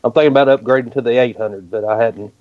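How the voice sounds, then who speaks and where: A man co-hosting a radio talk show, relaxed and chatty. His mid-range voice comes through slightly dull and lo-fi. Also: mid-range voice, fast talker, no echo. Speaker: radio co-host.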